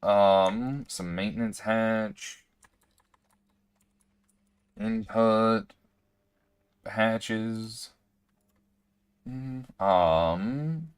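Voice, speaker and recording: A man with a low, unhurried voice rambles through his game session, thinking aloud and breaking off with hiccups. Keyboard clicks and typing sit behind him at his desk mic. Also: clear, resonant tone. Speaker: gaming streamer. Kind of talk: casual gameplay commentary.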